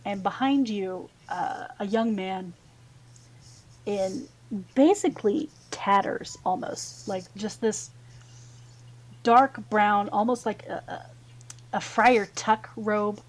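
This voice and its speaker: A woman runs a tabletop fantasy game, narrating scenes at a slow, easy pace. Her voice sits in a middle register, and she talks casually with frequent fillers. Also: mid-range voice, rough recording. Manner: relaxed, hesitant narration with fillers and laughs. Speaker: game master.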